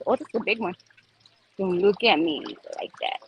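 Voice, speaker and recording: A woman's voice: mid-range voice, normal speed, a little hiss or hum, rough recording. A woman chatting casually on a phone live stream while walking outdoors by a pond, exclaiming and laughing often. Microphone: phone held while walking.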